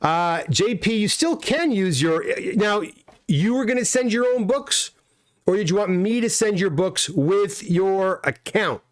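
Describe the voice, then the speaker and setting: A man's voice: high voice, animated, a little slow. A middle-aged man hosting a casual livestream, answering viewer comments in a loose, chatty way with many restarts. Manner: chatty, loose, frequent restarts and repeated words. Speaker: comic pressing business owner and livestream host.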